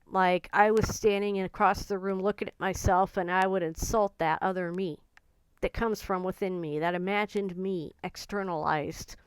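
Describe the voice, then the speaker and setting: A woman vlogger talking in an earnest, gentle and confiding way about her own feelings. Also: medium pitch, fairly even intonation, normal speed, clear, resonant tone, no echo. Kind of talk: personal reflective talk to camera.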